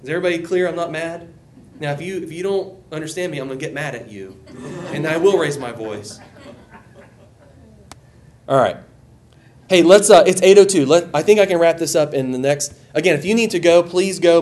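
A man leading a Bible study speaks in a slightly higher voice, enthusiastic and unpolished. His delivery is chatty and full of asides. His voice rises whenever he gets excited about the point. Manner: loose and conversational, with restarts and asides. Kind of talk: teaching a group Bible study.

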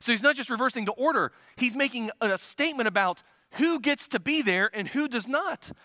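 A man's voice: extremely high pitch, expressive, a little fast, pushed and bright, dry recording. A man preaching a sermon as pastor to a congregation, earnest and emphatic, often restarting his phrases.

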